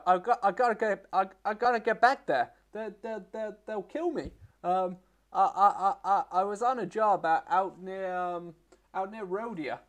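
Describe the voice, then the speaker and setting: A man voicing a jittery, frightened young male prisoner who stammers in a panic. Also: on the high side.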